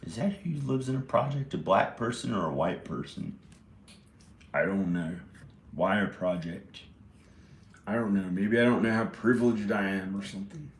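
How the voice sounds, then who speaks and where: A man's voice: fairly low pitch, moderate pace. A man vlogging alone, muttering his rambling thoughts as they come. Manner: muttering to himself, meandering. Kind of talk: rambling solo vlog. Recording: echoey room.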